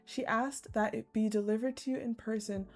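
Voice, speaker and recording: A woman reading a loyal female royal guard's lines in a grave, measured way. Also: on the high side, steady tone, soft background music. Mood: solemn.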